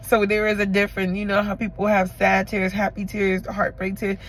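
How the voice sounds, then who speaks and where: Tearful woman vlogger, heartfelt and halting, talking straight to camera in a mid-range voice. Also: medium pitch, completely flat delivery, slight background noise, rough recording. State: tearful from crying. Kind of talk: emotional confessional vlog.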